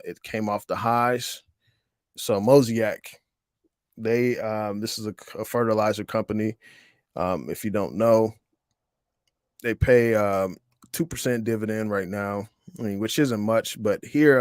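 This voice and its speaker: A man with a fairly low voice hosts a casual investing livestream, rambling through viewer comments with plenty of slang and filler words. It's a dry, studio-quality recording.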